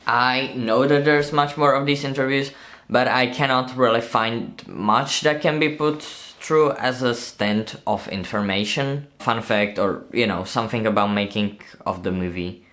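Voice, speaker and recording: A man's voice: mid-range voice, unhurried, fairly bright tone. Chatty man hosting a movie breakdown. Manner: chatty, asks viewers to comment, laughs at own slips. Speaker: movie breakdown video host. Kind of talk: casual scripted narration.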